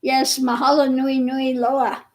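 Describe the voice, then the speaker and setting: A woman hosting a casual livestream chat with viewers, slow and chatty, laughing often, with her voice a bit worn. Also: sits high, completely flat delivery, a little mellow, rough recording. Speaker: livestream host.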